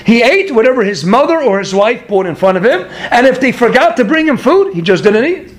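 A man's voice: very high voice, very animated, a little fast. A man teaching a Torah class, telling stories, asking his listeners rhetorical questions and chuckling through his digressions. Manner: asks the audience rhetorical questions.

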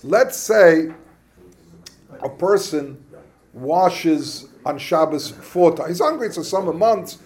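A man's voice: fairly high pitch, animated, slow pace, darkish tone. A man teaching a Talmud class, thinking aloud, asking the class questions and often restarting.

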